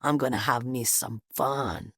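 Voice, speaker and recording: A woman voicing a menacing middle-aged male gang boss in an audiobook, with a gravelly Puerto Rican accent and a slow growl. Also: very deep voice, a bit bright, no echo, clean studio sound, exaggerated voice. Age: 40s.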